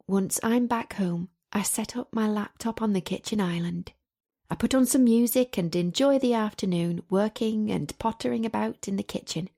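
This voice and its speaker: A woman's voice: a little high, normal speed, creaky, warm tone. A woman reading a romance audiobook in the first person, in a chatty, confiding manner. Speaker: audiobook narrator.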